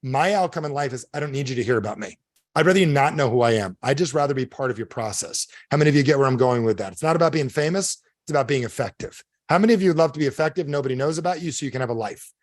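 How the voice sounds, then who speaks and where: A man's voice: medium pitch, expressive, very fast, no echo. A middle-aged man giving a live coaching talk as a motivational speaker, emphatic and constantly quizzing his audience with questions.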